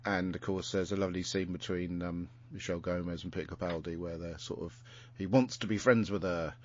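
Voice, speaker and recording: A man's voice: low-pitched, steady tone, fairly quick, a little mellow. Rambling man recapping an episode. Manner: rambling, many fillers and restarts. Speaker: podcast host. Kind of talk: casual chat recapping an episode. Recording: muffled lo-fi recording.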